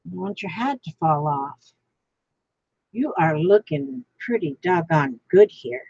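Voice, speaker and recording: A woman talks slowly and ramblingly to herself as she crafts, musing over ideas in an unhurried drawl. Her voice sits dry and close, with no room around it. The recording is dull and a bit lo-fi. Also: fairly low pitch, animated, a little mellow, breathy edge, no echo. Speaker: crafting vlogger. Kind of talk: casual thinking aloud while crafting.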